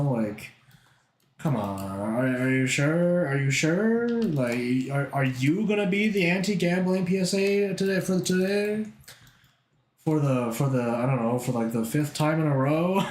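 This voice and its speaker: A man's voice: on the high side, measured pace, echoey room. A man chatting casually while drawing on a livestream, rambling, swearing a lot and laughing often. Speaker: art streamer.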